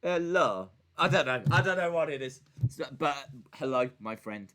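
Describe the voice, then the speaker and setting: His voice is a little high, bright, forceful and animated, moving at a moderate pace as he hosts a casual live stream reacting to wrestling. He reads chat in a chatty, rambling way with many fillers and restarts, joking with viewers and bantering with his voice assistant.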